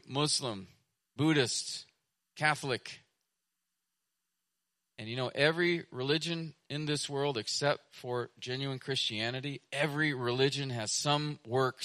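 Bright-voiced emphatic male preacher. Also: mid-range voice. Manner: emphatic, repeating phrases, swinging from loud to soft. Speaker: pastor. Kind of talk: sermon.

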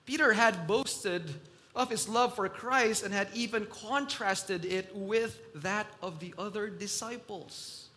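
Man, preacher, high voice, bright tone, slow emphatic sermon. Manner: slow, emphatic preaching that swells and drops in volume.

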